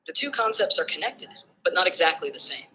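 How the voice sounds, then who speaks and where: A brisk synthetic assistant of medium pitch tutors someone in phonetics, laying out calm, step-by-step explanations before checking comprehension. Slight background noise accompanies the poor-quality audio.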